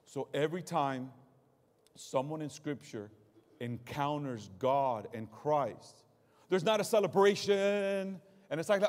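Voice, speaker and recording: A male pastor delivers a dramatic sermon slowly with lively intonation, dropping low and quiet before rising loud. He mocks excuses in a put-on voice, and a long hall reverb fills the recording.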